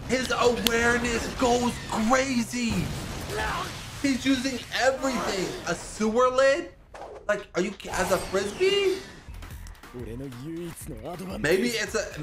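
A man hosting an anime reaction channel, talking casually and excitedly, exclaiming and swearing as he talks to the screen. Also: high-pitched, unhurried. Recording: music playing loud behind.

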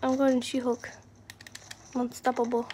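Young female gamer, high voice, unhurried chatter over light background noise. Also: completely flat delivery. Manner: chatty, reacting out loud to the game. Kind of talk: casual gameplay commentary.

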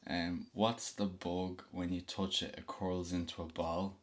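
A young man with a Dublin accent, reading a word list and answering questions in a relaxed, hesitant way. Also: deep voice. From Ireland. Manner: slow, relaxed, hesitant with frequent ums. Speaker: vlogger. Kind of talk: casual accent-test video.

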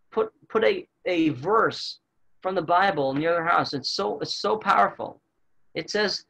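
Gravelly-voiced male tour guide telling stories. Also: sits high, a bit bright, low-quality recording. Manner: earnest storyteller, often repeats words. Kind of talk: storytelling virtual tour presentation.

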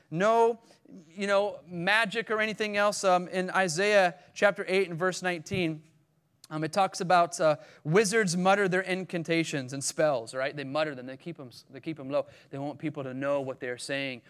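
Animated Caribbean man preaching. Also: high voice, smooth. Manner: animated storytelling, acts out the scripture scenes with sudden loud cries. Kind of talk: sermon.

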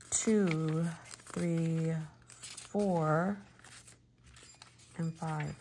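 A woman's voice: fairly low pitch, fairly even intonation, very slow, vocal fry, long pauses, slight background noise, poor audio. A woman vlogger chatting casually at home while she works on a planner, rambling and laughing often. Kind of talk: casual chat while crafting.

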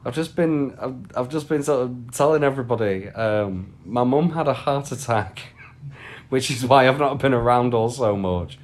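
A man's voice: mid-range voice, moderate pace. A British man on a casual live stream from home, rambling and chatting with viewers over a phone mic. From United Kingdom. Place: at home, lying down.

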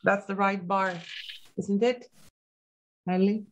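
A woman's voice: mid-range voice, steady tone, takes it slowly, slight background noise. A woman teaching a piano masterclass online, patiently coaching with questions and calling out dynamics as the student plays.

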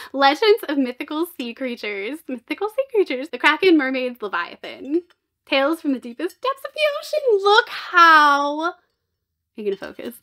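A young woman vlogging a book box unboxing, reading blurbs aloud and reacting with excitable, gushing asides. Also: high voice, unhurried. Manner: excitable and gushing, with squealing outbursts and jokey asides. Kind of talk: casual unboxing chat mixed with read-aloud book blurbs.

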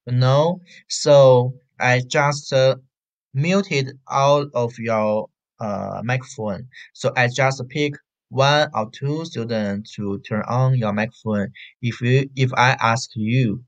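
A man with a Chinese accent teaching an online beginner Chinese class, repeating syllables slowly for drills over a video call. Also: medium pitch. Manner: slow, repetitive drilling of syllables.

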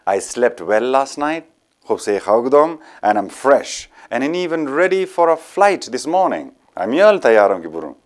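A kindly older official with a very deep, low voice, as a man with an Afghan accent reads him. He speaks calmly and reassures, unhurried and gentle. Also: natural voice. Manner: calm and reassuring. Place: studio.

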